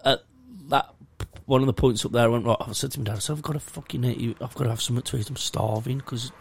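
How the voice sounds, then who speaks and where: A man's voice: mid-range voice, steady tone, fast talker, vocal fry, slight background noise. A young man, rambling through a sweary, self-mocking story in casual chat. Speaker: podcast co-host.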